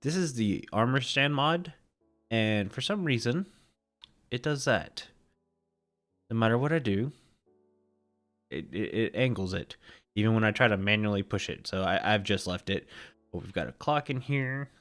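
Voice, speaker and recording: Low-voiced man with a groggy morning voice. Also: moderate pace, long pauses, faint music behind. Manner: relaxed, rambling, laughs often. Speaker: Minecraft let's play host. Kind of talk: casual gameplay commentary.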